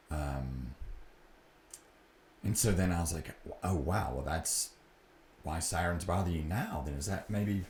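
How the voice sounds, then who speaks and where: A middle-aged man with a very low, deep voice tells a personal story in an earnest, reflective way, acting out both sides of a conversation. He sounds like he is in an echoey room, with a faint noise behind him. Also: darkish tone. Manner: earnest, reflective, re-enacts dialogue. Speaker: podcast host.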